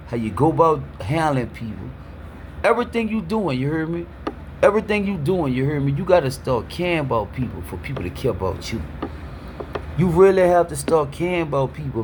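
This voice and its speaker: A man's voice: mid-range voice, noisy background. Preachy man, repeating "you heard me". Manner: repeats "you heard me" constantly, stammers on restarts. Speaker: motivational speaker. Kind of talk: preachy street talk.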